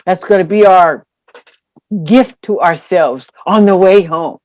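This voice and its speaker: Slow-spoken woman telling a dharma story. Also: fairly low pitch. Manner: lively anecdotal storytelling with acted-out quotes. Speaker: dharma teacher. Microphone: online call.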